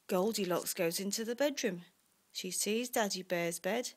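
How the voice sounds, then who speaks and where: A woman reading a bedtime story aloud to her young son, in a slow, lively storybook manner. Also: medium pitch.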